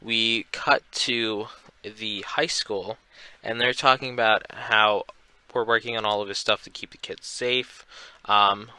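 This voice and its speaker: A man's voice: lowish voice, steady tone, a little slow, pushed and bright, clean tone, no echo, low-quality recording. A young man casually recapping a comic book, rambling along with plenty of fillers. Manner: rambling, filler-heavy retelling.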